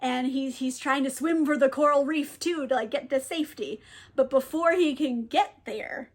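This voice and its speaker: A young woman casually retelling a novel's plot, with lots of fillers and frequent laughter. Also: high-pitched. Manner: laughs often, lots of fillers, quick quoted asides. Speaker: book reviewer. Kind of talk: casual book recap.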